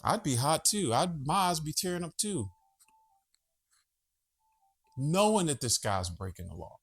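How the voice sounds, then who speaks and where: A man's voice: a little high, sing-song, a little slow, fairly bright tone, husky, soft background music. A man hosting a casual monologue vlog from home, chatty, profane and easily sidetracked. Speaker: vlogger host.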